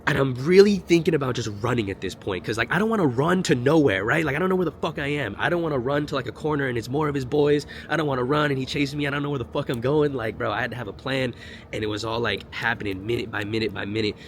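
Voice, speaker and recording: A young man telling a storytime vlog in an animated, slangy and profane way. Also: medium pitch, fast, a little hiss or hum. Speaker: vlogger.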